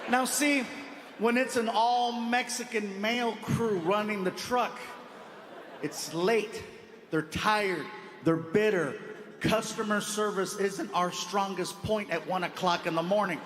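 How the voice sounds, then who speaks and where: A man doing stand-up comedy, telling stories in an animated way and laughing often. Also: high-pitched, measured pace, a little hiss or hum. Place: comedy stage before a live audience.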